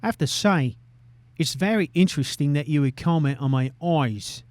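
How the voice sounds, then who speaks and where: A man's voice: a little high, normal speed, a little mellow, no echo. A young man giving casual gameplay commentary, swearing freely and tagging his sentences with "eh?". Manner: profane, ends sentences with "eh?". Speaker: gamer.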